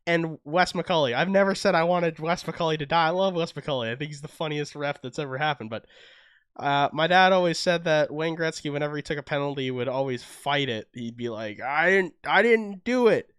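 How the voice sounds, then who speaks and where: Man, Canadian accent, young adult, podcast co-host, smooth clear voice, dry close mic. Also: on the high side, fairly quick, no echo. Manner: animated storytelling, acts out quotes. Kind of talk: casual chat.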